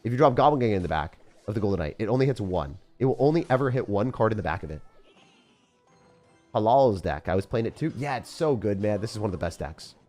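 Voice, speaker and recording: Excitable young man narrating gameplay. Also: on the low side, fast, faint music behind. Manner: excitable, dramatic outbursts and self-pity, talks to viewers and chat. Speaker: gaming YouTuber. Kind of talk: live gameplay commentary.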